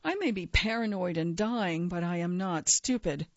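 A woman's voice: fairly low pitch, normal speed, no room sound, close to an everyday voice. A suspicious, dying old judge snaps and barks his accusations, as a woman reads him aloud. The recording is dry and slightly dull. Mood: suspicious, gruff. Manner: gruff, barking, suspicious. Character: paranoid dying elderly male justice, gruff.

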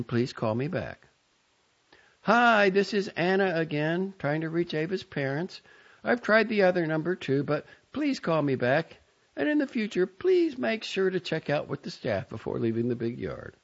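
A man's voice: fairly high pitch, dull audio, voice pushed up. A male narrator voicing a polite young woman, an after-school coordinator, leaving courteous but slightly anxious voicemails.

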